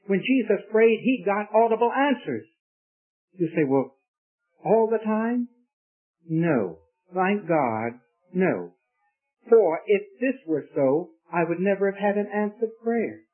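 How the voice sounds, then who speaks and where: High-voiced preacher on tinny radio. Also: male voice, expressive, measured pace. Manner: earnest, emphatic, questioning the listeners. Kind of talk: sermon.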